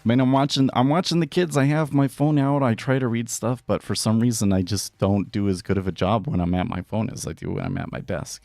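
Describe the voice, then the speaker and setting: Deep gravelly man, chatty trading stream. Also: fairly even intonation, fairly quick, hardly any pauses, darkish tone, dry recording, faint music behind. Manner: chatty, rambling, laughs often. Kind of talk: casual live trading commentary.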